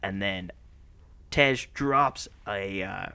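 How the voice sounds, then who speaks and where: A man co-hosting a podcast, recapping a movie plot in a casual, animated way, laughing often and slipping into voices for the characters. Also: sits low, extremely slow, gravelly, clean tone, dry recording. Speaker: podcast co-host.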